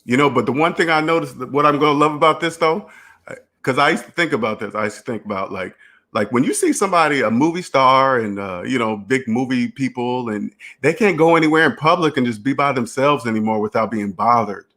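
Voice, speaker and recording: A man's voice: medium pitch, lively intonation, brisk, bright, forceful tone. A man hosting a finance channel, talking in a rambling, repetitive solo monologue and acting out imagined dialogues. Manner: repetitive, restarts phrases, emphatic.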